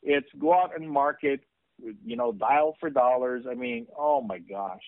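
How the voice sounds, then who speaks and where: A middle-aged man giving an excited, repetitive sales training talk as a network marketing presenter. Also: mid-range voice, measured pace, no echo, narrow, tinny audio.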